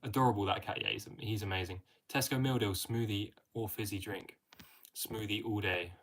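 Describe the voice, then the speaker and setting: On his live stream, a young man with an English accent answers viewer comments after reading them aloud, keeping things chatty and sprinkling in a friendly "mate." His lowish voice holds a steady tone at normal speed and sounds a bit bright.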